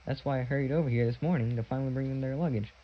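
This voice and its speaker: A man doing a fussy, pompous gentleman. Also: mid-range voice, rapid-fire, highs cut off, lightly acted. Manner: prim, correcting, stern.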